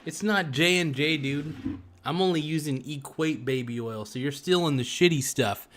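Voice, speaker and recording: A man's voice: fairly high pitch, normal speed, a bit bright, a little hiss or hum. A man as a podcast guest in casual chat, crude, joking and rambling.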